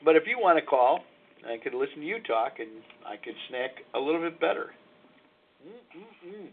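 A man's voice: on the high side, animated, brisk, slightly rough. A middle-aged man hosting a live recovery call-in show, talking in a frank, reflective, confessional way. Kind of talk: candid personal talk on live radio. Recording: narrow phone-like lo-fi line.

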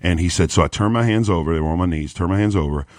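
A man's voice: low voice, very fast, a little mellow, dry recording, clean studio sound. A man, a pastor, earnestly retelling a conversation on a podcast, quoting the other person's words. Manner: earnest retelling with quoted dialogue. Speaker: pastor and conference speaker. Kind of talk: storytelling on a podcast.

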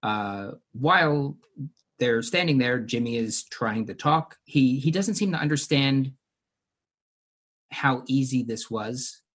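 A man's voice: mid-range voice, expressive, slow pace, a bit bright, husky. A man recapping and discussing a television episode with co-hosts in a casual chat, with frequent fillers.

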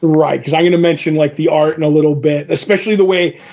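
A man co-hosting a podcast in casual comic book chat, retelling scenes with animated character lines. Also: a little high, quick pace, vocal fry, highs cut off. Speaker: podcast co-host.

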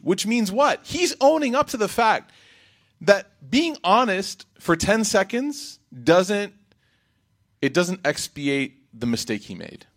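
A man giving an Islamic reminder talk in a lively, rhetorical way, breaking into quick Arabic recitation. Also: high voice. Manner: animated, rhetorical, acts out quotes. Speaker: religious speaker.

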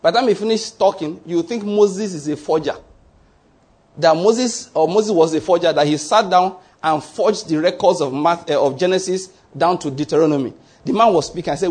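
A man's voice: sits high, moderate pace, a little mellow, husky. A middle-aged man preaching a sermon with emphasis, repeating his points and checking that listeners follow.

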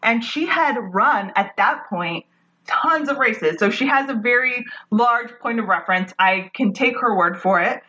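A woman's voice: a little high, lively intonation, unhurried, bright, forceful tone, muffled recording. A woman hosting a podcast, talking in a bubbly, gushing, chatty way. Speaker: podcast host. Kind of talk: casual podcast intro.

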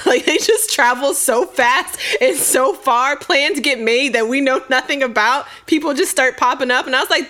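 A woman's voice: high-pitched, normal speed, few pauses, a bit bright. A woman co-hosting a podcast, chatting casually about a movie in a giggly, chatty way.

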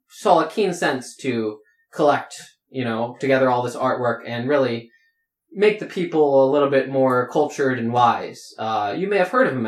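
A man's voice: medium pitch, close to an everyday voice. A man voicing a giddy male castle guard leading a tour, eager and polite. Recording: roomy echo.

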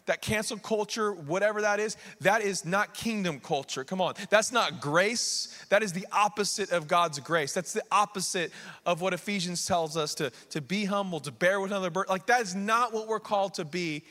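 Male pastor preaching big, bright voice, drops quiet then gets loud, echoey church hall. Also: high-pitched. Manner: animated, swings between quiet asides and raised preaching; acts out the king and others in quick voices. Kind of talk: sermon. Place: church sanctuary.

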